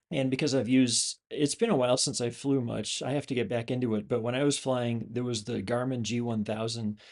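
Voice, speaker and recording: Gravelly-voiced man explaining things casually. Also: mid-range voice, moderate pace, a little mellow. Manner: rambling, many fillers and restarts. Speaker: channel host, former pilot and flight instructor. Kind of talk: casual explanation over a screen display.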